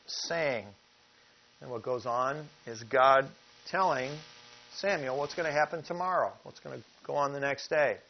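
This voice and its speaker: A man preaching a sermon who teaches from scripture, asks the listeners questions and reads verses slowly with emphasis. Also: mid-range voice. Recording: dull lo-fi recording.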